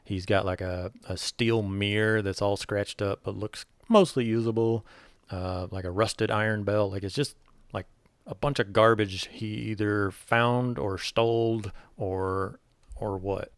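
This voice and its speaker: A man's voice: fairly low pitch, fairly even intonation, a little slow, smooth, no echo. A man narrating as game master in a loose, casual way. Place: home setup, online call.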